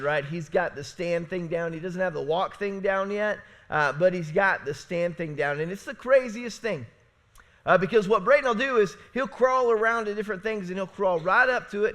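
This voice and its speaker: In a church sanctuary, a male pastor preaches a sermon in a conversational, storytelling style, often asking "right?" His delivery swings between loud, emphatic lines and hushed, low passages.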